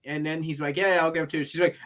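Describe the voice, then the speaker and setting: Animated man acting out quotes. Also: a little high, rapid-fire. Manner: animated, acts out quotes in voices; laughs often. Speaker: podcast co-host. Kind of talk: casual chat reviewing wrestling.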